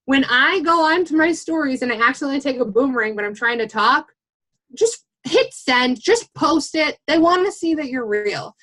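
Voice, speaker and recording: A young woman giving a blunt, fast and animated motivational talk as a guest speaker on a team call, swearing casually. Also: high-pitched.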